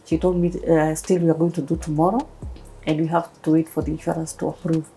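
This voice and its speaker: Kenyan woman telling her story, mellow voice. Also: deep voice, fast, rough recording. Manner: animated storytelling, acting out quoted voices. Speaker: guest sharing her cancer story. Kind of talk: personal testimony interview.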